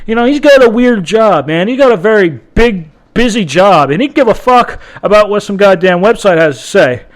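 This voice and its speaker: A man's voice: sits high, animated, moderate pace. A man hosting a podcast, talking in a casual, rambling monologue full of swearing and restarts. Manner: rambling, profane, many restarts. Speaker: podcast host.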